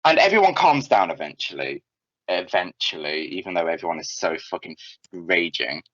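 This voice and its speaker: Young guy, lively storyteller who swears a lot; dull lo-fi, dry recording. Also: low voice, moderate pace, dry recording. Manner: animated, swears freely, lots of restarts. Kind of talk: casual anecdote telling.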